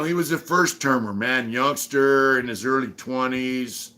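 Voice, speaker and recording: A man's voice: mid-range voice, sharp tone. A middle-aged man from San Diego hosting a casual livestream, telling prison stories in a rambling, profane way with many fillers. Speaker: channel host.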